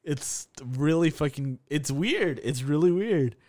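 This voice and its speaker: A man's voice: fairly high pitch, animated, slow, darkish tone. A young man co-hosting a casual podcast, telling stories between frequent laughs and swearing. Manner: storytelling, swearing, laughing often. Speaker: podcast co-host. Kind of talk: casual chat.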